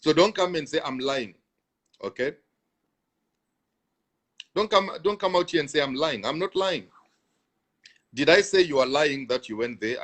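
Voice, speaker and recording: A man preaching on a live stream who answers viewers, repeats his lines for emphasis and restarts often. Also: medium pitch. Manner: repetitive, emphatic, stammering restarts.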